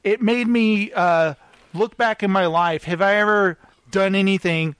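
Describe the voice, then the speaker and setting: A podcast host telling a self-deprecating story in casual chat, animated and apologetic in tone. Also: male voice, high voice, measured pace, clean tone.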